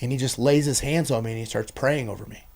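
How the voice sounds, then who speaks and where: A man in the middle of his own story on a podcast, earnest and intense. His voice sits at an ordinary middle pitch. It swells into loud bursts and then drops to near hushes as he tells his testimony. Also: fairly even intonation, quick pace. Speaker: podcast guest.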